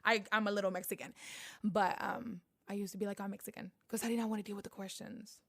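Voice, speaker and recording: A woman from Panama with a Spanish accent, talking in a relaxed interview. She tells stories with energy and acts out the people she quotes. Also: medium pitch, fast talker, creaky. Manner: animated storyteller, acts out quoted voices. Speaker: guest, beauty vlogger. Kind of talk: casual interview.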